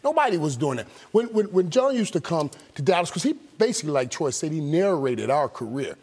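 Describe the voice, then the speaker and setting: Emphatic husky man, lively voice. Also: fairly high pitch, brisk. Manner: emphatic, repeats phrases. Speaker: analyst. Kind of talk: studio discussion.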